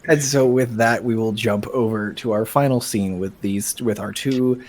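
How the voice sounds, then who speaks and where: A man's voice: fairly low pitch, normal speed. A man narrating as game master in a casual tabletop game, talking loosely with restarts and laughs. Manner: chatty, laughing, many restarts.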